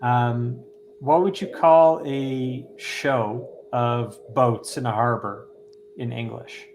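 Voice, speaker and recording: A man's voice: mid-range voice, steady tone, slow, darkish tone, a little hiss or hum, low-quality recording. A man in casual chat, playfully quizzing his friends with jokes.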